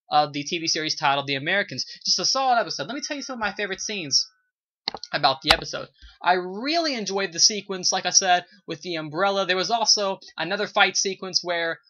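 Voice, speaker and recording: The voice is mid-range with a sharp tone, and the lo-fi recording sounds dull. It's a video reviewer talking loosely about a TV episode, gushing and rambling, with heavy use of fillers like "you know" and "uh."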